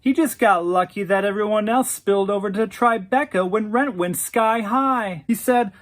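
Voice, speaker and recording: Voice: mid-range voice, moderate pace. A narrator telling a first-person story in a campy, sassy, diva-like manner, calling people honey and darling. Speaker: narrator speaking as the oral-history subject.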